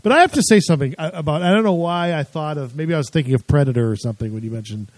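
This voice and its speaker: A man co-hosting a casual political talk show. He rambles from one tangent to the next in a lively, wandering voice. He is recorded dry and close to the mic. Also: on the high side, racing, no room sound, poor audio. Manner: chatty, rambling, amused. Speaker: co-host.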